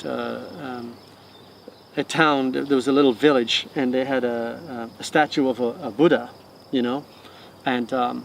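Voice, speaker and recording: A man's voice: medium pitch, creaky, slight background noise. A middle-aged man who directs a wellness center, telling stories in conversation and acting out the voices of the people in them. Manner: animated storyteller who acts out quoted voices. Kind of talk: conversational storytelling.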